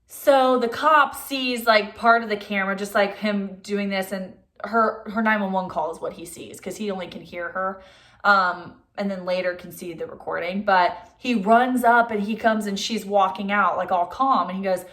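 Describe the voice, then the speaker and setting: A young woman recaps a film plot in a loose, chatty vlog style. Her voice sits at an ordinary middle pitch, and "like" fills most of her sentences. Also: fairly even intonation, fairly bright tone. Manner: chatty, says "like" a lot; acts out characters' lines in quick voices. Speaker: movie reviewer.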